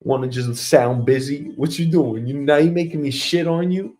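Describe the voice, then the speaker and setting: A man's voice: on the high side, normal speed, a little mellow. A man hosting a casual show, ranting profanely in a mocking way and acting out quoted coworkers. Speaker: host.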